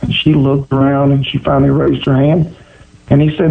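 A man's voice: medium pitch, flat delivery, moderate pace, gravelly, narrow, tinny audio. A man from Oklahoma with an Oklahoma accent, a guest telling stories in a drawling, folksy way with country grammar. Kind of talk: folksy storytelling interview.

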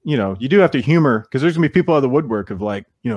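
In a dry recording, a man with a mid-range voice speaks rapid-fire during an interview about his baseball career. Casual and animated, he tells stories and performs the quoted voices of the people in them.

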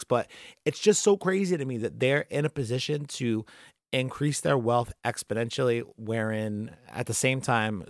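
A man hosting a casual political podcast, talking fast and emphatically and swearing freely. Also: mid-range voice, dry recording, studio quality. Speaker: podcast host.

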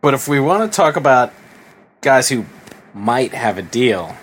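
A man's voice: medium pitch, very animated, unhurried, slight background noise. A man co-hosting a casual podcast, joking around with stammered restarts. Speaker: podcast co-host.

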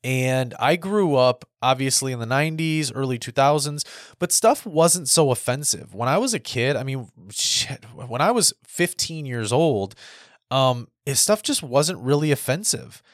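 A man's voice: medium pitch, animated, measured pace, dry recording, studio quality. A man in his thirties hosting a podcast, giving a casual opinion monologue that rambles, repeats itself and restarts often. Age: 30s. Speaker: podcast host.

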